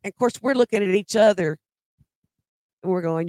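A woman telling a personal ghost story in an unhurried way, often repeating words as she remembers. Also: mid-range voice, mellow, no room sound, clean studio sound.

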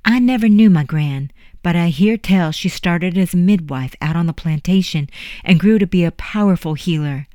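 Voiced by the narrator, a patient, wise woman tells old family lore in a folksy, unhurried way. Her voice sits a little raised and full, and the read is dry and close. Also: mid-range voice, darkish tone, no room sound, lightly acted. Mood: telling lore. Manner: folksy dialect, unhurried storytelling.

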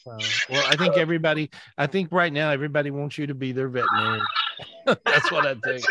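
A man's voice: a little high, quick pace, very noisy. A man hosting a live spiritual podcast on a video call, talking in an effusive, affectionate, joking way.

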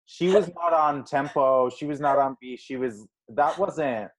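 A man co-hosting a podcast in casual chat, snarky and teasing. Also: medium pitch. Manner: slow, snarky, mocks singers by imitating them. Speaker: podcast co-host.

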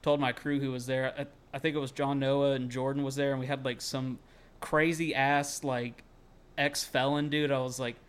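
A young podcast co-host spins a long story in casual chat, his medium-pitched voice smooth, level and moderately paced. He rambles, peppers everything with "like," swears freely and shouts when quoting himself.

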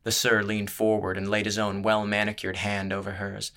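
A man narrates a fantasy audiobook with a steady, descriptive delivery. His voice sits a little low and carries a bright, forceful edge. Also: normal speed, hardly any pauses. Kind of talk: scripted narration.

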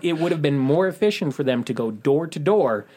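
A man's voice: on the high side, lively intonation, a little fast, warm tone. A man hosting a true crime podcast, narrating in a matter-of-fact way with wry asides. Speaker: podcast host.

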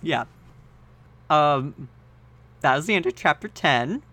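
Bright, playful male podcast reader. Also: fairly high pitch, slow pace. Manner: deadpan reading broken by joking asides. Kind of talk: comedic dramatic reading.

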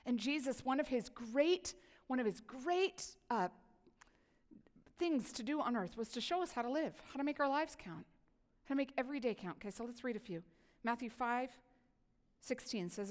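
A middle-aged woman pastor giving a chatty, animated sermon and reading scripture aloud. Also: a little high, moderate pace, in a large hall. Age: 40s.

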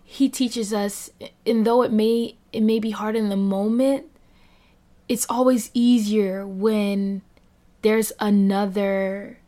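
A woman's voice: mid-range voice, fairly even intonation, takes it slowly, mellow. A young woman telling her faith testimony in a casual, rambling way, full of fillers and light laughs. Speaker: Christian speaker sharing a testimony.

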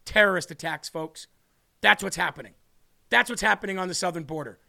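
Speaking briskly in a high, bright, sharp voice with a creaky texture, a man rants combatively through fiery political commentary on the livestream he hosts, pressing hard on each point.

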